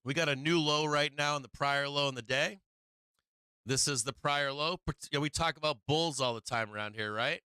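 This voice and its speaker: A man's voice: medium pitch, bright, forceful tone, smooth, dry recording. A man hosting a live trading stream, talking casually and profanely through charts, his voice strained and tiring. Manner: profane, chatty, laughing while watching charts. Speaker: livestream trading host.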